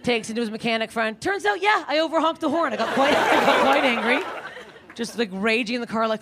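A woman in her thirties doing a crude, self-deprecating stand-up set, acting out shouted quotes. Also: a little high, expressive, fast talker. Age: 30s. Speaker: stand-up comedian. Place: comedy club stage. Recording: live club with faint crowd and noise. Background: audience laughter.

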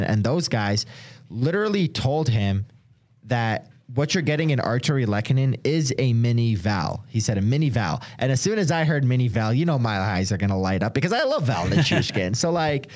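A young man in casual podcast chat, talking in a loose, rambling way. His voice sits in an ordinary middle pitch, and he strings thoughts together with frequent fillers. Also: darkish tone. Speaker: sports podcast co-host; hockey reporter.

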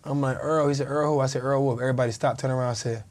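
A man in his thirties tells a story in relaxed conversation, words tumbling out at a brisk pace. He slips into the quoted lines as he goes, voicing the people in it. His voice sits at an ordinary middle pitch. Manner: vivid storyteller who acts out quoted dialogue. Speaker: podcast guest, former pro football player.

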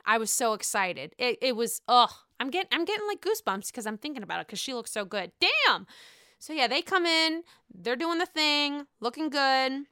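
A woman recapping a reality TV episode in a casual, gushing way, excitable and swearing freely. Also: a little high, clean tone, dry recording, studio quality.

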